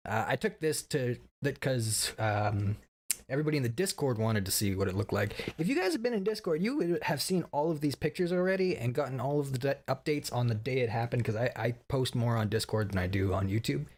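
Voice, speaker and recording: A man's voice: medium pitch, animated, brisk. A man around thirty giving a casual, rambling stream update, swearing often and laughing at his own stories.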